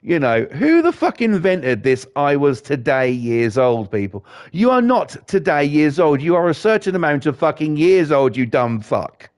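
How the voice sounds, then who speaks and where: A man's voice: a little high, sing-song, moderate pace, few pauses, darkish tone. A middle-aged man giving fired-up, rambling, profanity-heavy commentary while he streams a game. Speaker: gaming streamer. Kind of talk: ranting commentary while gaming.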